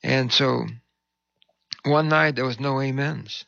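A man's voice: mid-range voice, steady tone, slow pace, vocal fry, fairly bright tone, dry recording, highs cut off. A man who is a pastor, telling a story in conversation and acting out the voices he quotes.

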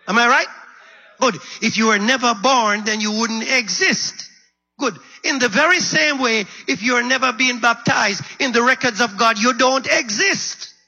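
A man preaching a sermon in a church, calling out to the congregation and repeating his points for emphasis, with a husky voice. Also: high-pitched, sharp tone, lo-fi sound. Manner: call-and-response preaching, repeating lines for emphasis. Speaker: pastor. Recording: live sermon in a reverberant hall with faint music.

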